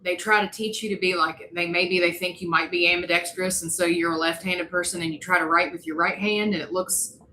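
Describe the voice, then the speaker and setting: A woman tells a story on a casual podcast. Her voice sits a little low but rings bright and forceful. She is animated and playful, slipping into other people's voices. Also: fairly quick, slight background noise, low-quality recording. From West Virginia. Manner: animated, laughing, mimics voices in her stories. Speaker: podcast co-host.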